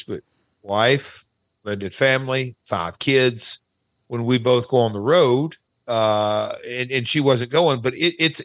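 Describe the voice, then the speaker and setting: A man talking as a podcast guest, telling stories in a casual, animated way with quick asides. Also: medium pitch, dry recording, clean studio sound. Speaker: podcast guest, wrestling announcer. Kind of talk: casual chat, candid storytelling.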